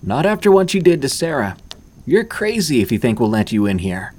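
A man's voice: mid-range voice, sing-song, a little fast, a little mellow, breathy edge, voice pushed up. A man voicing an angry teenage girl who scolds sharply. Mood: yelling.

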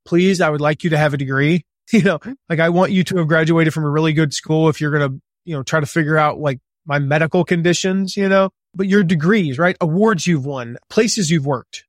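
A man in his forties, a guest on a podcast interview, talking in a gregarious, animated and slightly loud way, with lots of casual fillers. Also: a little high, a little fast, hardly any pauses, dry recording, clean studio sound. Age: 40s. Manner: conversational with many fillers. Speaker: guest author and business coach.

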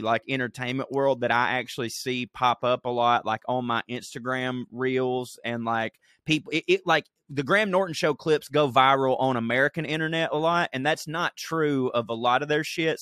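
A man's voice: mid-range voice, a bit bright, no echo, studio quality. A man co-hosting a comedy podcast, riffing in a wry, profane way. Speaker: podcast co-host. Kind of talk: casual comedic chat.

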